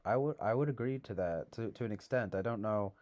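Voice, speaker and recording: A man's voice: fairly low pitch, brisk, a little mellow. A man hosting a casual livestream, rambling with lots of fillers and a sarcastic edge. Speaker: livestream host.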